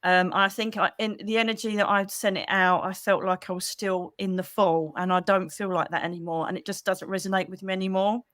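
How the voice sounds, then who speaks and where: A woman's voice: mid-range voice, dry recording, studio quality. Chatty middle-aged British woman. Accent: British English. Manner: chatty and animated, with quick asides and acted-out quotes. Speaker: psychic medium and channel host. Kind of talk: casual livestream chat to members. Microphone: computer mic for a livestream.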